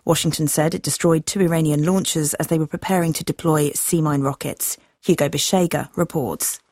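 A woman reading the world news in a measured, formal way. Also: low-pitched, steady tone, a little mellow, dry recording, studio quality. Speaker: newsreader.

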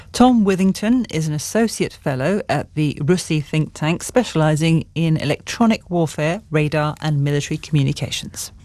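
A news presenter reading headlines and introductions in a crisp, formal way. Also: mid-range voice, darkish tone, no echo. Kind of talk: news anchoring.

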